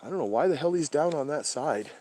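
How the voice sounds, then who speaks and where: A man hosting a livestream outdoors at night, talking casually and swearing a lot, often dropping to a hushed whisper. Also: a little high, lively intonation, fast, a little hiss or hum. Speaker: livestream host. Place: outdoors at night in brush by a creek.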